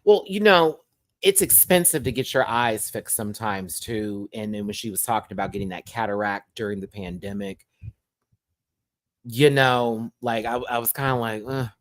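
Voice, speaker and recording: A man's voice: lowish voice, normal speed, no echo. A man hosting a casual reality-TV review rant at home, sassy and slang-heavy. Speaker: show reviewer and host. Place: at home, with a pet on his lap.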